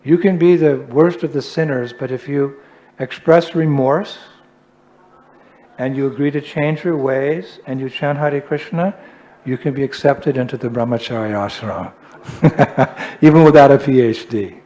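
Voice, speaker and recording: A male swami delivers a storytelling sermon in a relaxed, joking tone. He pokes fun at himself and keeps the telling animated and light. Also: mid-range voice, a little slow. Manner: self-deprecating, joking, animated. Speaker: swami, preacher.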